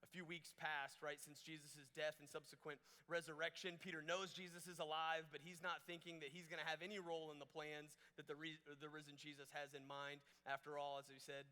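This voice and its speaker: A man's voice: fairly high pitch, pushed and bright, smooth. A man preaching a casual, storytelling youth camp sermon with playful asides. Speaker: camp speaker. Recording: long reverb of a large hall.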